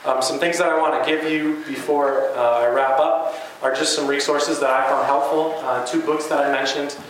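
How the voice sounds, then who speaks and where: A man's voice: a little high, fairly even intonation, normal speed, slight background noise. A man who teaches and coaches basketball, giving an earnest, conversational talk to fellow educators with plenty of fillers and restarts. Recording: very echoey room with faint ambience.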